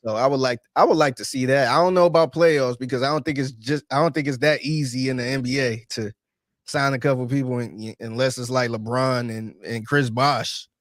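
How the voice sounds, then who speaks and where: Easygoing man co-host, close dry sound, hesitant and agreeable in relaxed sports banter. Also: mid-range voice, a little fast, no room sound. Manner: laid-back, agreeable, hesitant restarts. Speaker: podcast co-host. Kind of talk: casual sports chat.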